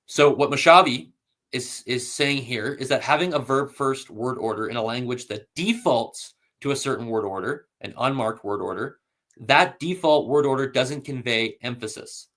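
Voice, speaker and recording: A man's voice: mid-range voice, moderate pace, fairly bright tone. A man hosting a casual scholarly discussion, explaining patiently and reading citations aloud with frequent fillers. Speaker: host.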